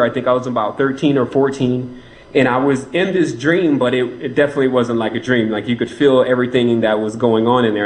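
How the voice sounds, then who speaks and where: A man's voice: mid-range voice, poor audio. A man being interviewed as a spiritual teacher, answering in an earnest, rambling way and laughing often.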